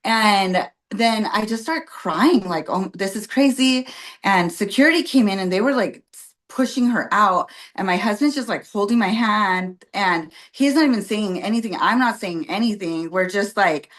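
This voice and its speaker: A woman's voice: medium pitch, expressive, moderate pace, a bit bright. Chatty young woman telling a story. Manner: chatty, many "like" and "um" fillers, acts out quotes. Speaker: podcast guest. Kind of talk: casual storytelling.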